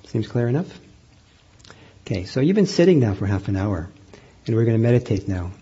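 A man teaching meditation, guiding a group in a gentle, unhurried way with frequent pauses and fillers. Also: lowish voice, very animated, breathy edge, lo-fi sound. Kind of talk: guided meditation instruction.

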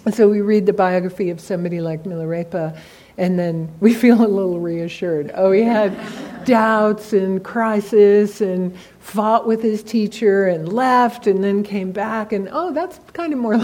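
A woman's voice: fairly low pitch, dark tone. A woman teaching Buddhism in an informal dharma talk, conversational and full of "you know" asides.

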